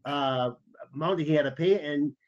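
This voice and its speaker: Lively male podcast co-host, muffled audio. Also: fairly high pitch, moderate pace. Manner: animated anecdotes, acts out quoted lines. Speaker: podcast co-host, former intelligence officer. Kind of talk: casual podcast storytelling.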